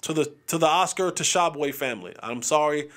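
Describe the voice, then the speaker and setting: A man's voice: a little high, fairly quick, fairly bright tone. A man hosting a sports talk show, chatting casually and animatedly, acting out what players say.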